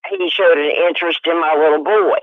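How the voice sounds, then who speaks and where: A woman caller telling a personal story over the phone, emphatic and growing loud and heated. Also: deep voice, a little fast, no echo. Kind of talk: personal story on a call-in show. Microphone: telephone. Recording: tinny phone line.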